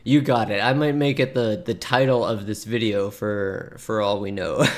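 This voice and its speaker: A man's voice: fairly low pitch, lively intonation, measured pace. Chatty man laughing through reactions. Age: 30s. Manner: chatty, laughs often, reads posts aloud with asides. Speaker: streamer reacting to online posts. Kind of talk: casual reaction commentary.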